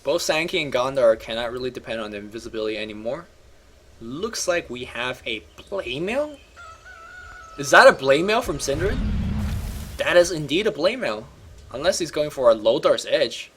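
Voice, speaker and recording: A man casting a live video game match, giving rapid, excitable play-by-play that climbs during fights. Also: medium pitch, breathy edge. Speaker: esports caster.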